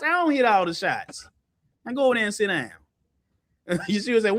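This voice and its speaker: A man teaching Bible study in an animated, colloquial way, speaking on a video call. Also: moderate pace, pauses often. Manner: lively, colloquial, jumps high in pitch for emphasis, laughs often.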